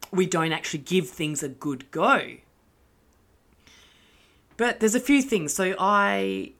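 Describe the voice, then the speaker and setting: A woman's voice: fairly low pitch, pushed and bright. Candid, swearing woman. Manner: candid, swearing, self-mocking with laughs. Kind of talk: casual monologue.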